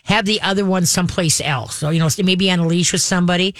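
Step-by-step dog-training tips come from a woman hosting a call-in radio show, delivered briskly and instructively with frequent "okay?" check-ins. Her voice is lowish and steady in tone, with no room sound.

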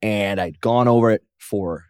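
A man's voice: fairly low pitch, measured pace, clean tone, no room sound, clean studio sound. A man, a professional wrestler, telling stories in a casual interview, jumping into raised voices to act out what others said. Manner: animated, acts out quotes in raised voices. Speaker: wrestler and comic, guest.

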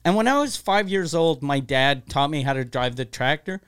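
A man's voice: on the high side, lively intonation, moderate pace, a bit bright, clean tone. A man telling blunt, crude stories in a casual chat. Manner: storytelling, blunt, crude humor.

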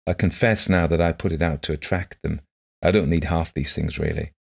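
A man narrating a classic short story in a measured, literary way. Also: deep voice, fairly even intonation, creaky.

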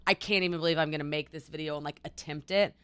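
A woman's voice: low-pitched, steady tone, fast talker, fairly bright tone, clear, resonant tone. A young woman co-hosting a podcast, talking in an earnest, reflective way. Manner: earnest, reflective, many restarts. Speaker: podcast co-host. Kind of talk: casual chat.

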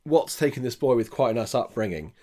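A man co-hosting a casual film review chat, speaking hesitantly with many fillers and giving measured verdicts. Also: mid-range voice, expressive, dark tone. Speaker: podcast co-host.

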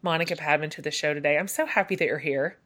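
A woman's voice: deep voice, quick pace, a bit bright. Effusive chatty woman host. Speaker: podcast host. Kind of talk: casual interview conversation.

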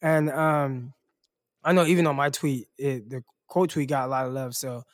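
A man's voice: medium pitch, fairly even intonation, normal speed. A man co-hosting a sports podcast in casual chat, talking loosely with lots of fillers and slang. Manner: loose and rambling, heavy on "like" and "bro".

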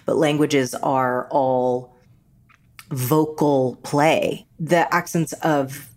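A woman from New York with an American accent, chatting as an interview guest and telling animated stories. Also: a bass voice, extremely slow. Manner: animated storyteller, slips into voices. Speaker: actor and guest. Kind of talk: casual interview chat.

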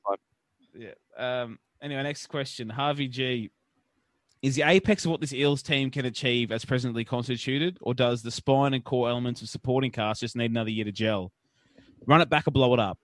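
A man's voice: medium pitch, brisk, a bit bright, dry recording. Sweary man in dry-sounding casual chat. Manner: rambling, sweary storytelling. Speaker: podcast co-host.

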